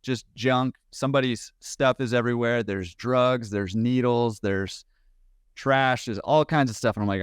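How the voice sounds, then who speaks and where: A man's voice: mid-range voice, clean tone, dry recording. Man telling a wild story, dry sound. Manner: animated, quick, laughing at his own story. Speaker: podcast guest. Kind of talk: casual storytelling.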